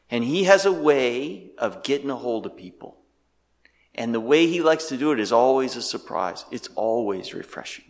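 In a large hall, a male pastor preaches with lively energy, his voice pitched on the high side. He fires off rhetorical questions and swings from booming to quiet.

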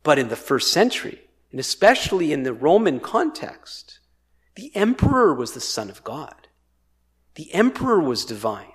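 A man's voice: on the high side, very animated, moderate pace, a bit bright. A man preaching a sermon in a church, talking with dramatic emphasis and acting out proclamations now and then. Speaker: pastor. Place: church in Ottawa, Canada.

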